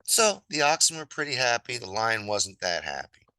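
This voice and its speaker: A man's voice: mid-range voice, sing-song, moderate pace, bright, forceful tone, no room sound, rough recording. A man telling an old fable in a casual, rambling and playful way, with chatty asides as he draws. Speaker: storyteller. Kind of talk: casual fable storytelling while drawing.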